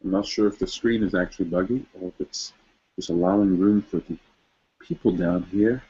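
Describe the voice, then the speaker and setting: A man with a husky, slightly rough voice hosts a casual livestream, chatting loosely and rambling with plenty of filler words. He talks into a webcam on a video call, and the audio comes through dull and lo-fi. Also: low-pitched, steady tone, normal speed, dark tone. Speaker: host.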